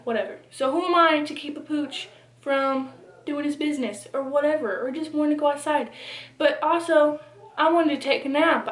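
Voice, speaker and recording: A young woman casually telling a personal story to her camera, animated and swearing freely, with lots of fillers. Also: high voice, reverberant. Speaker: vlogger. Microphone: camera on a phone or small camera.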